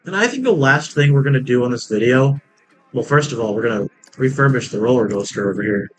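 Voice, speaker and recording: A man's voice: mid-range voice, animated, quick pace, poor audio. A man giving casual, rambling commentary while he plays a theme park building game, joking and laughing at his own jokes. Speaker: let's play gamer.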